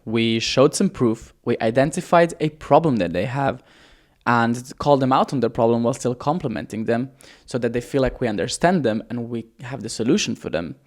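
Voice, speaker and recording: Guy coaching on camera, blunt and hyped, swears a lot, mid-pitched voice, keeps changing speed and volume. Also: a little fast. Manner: energetic, blunt, swears casually, varies pace and loudness for emphasis. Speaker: copywriting coach. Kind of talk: casual direct-to-camera teaching.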